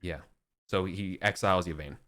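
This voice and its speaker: A man's voice: sits low, moderate pace, bright, forceful tone. A young man running a tabletop game as game master, narrating loosely with plenty of fillers. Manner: loose and rambling, heavy on fillers.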